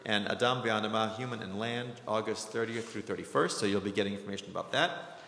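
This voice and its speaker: Chatty low-voiced man in an echoey hall. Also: fast talker, creaky, bright, forceful tone. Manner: chatty, joking asides, frequent ums. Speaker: program host. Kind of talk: announcements and speaker introduction. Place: lecture hall with audience. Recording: echoey hall with faint noise.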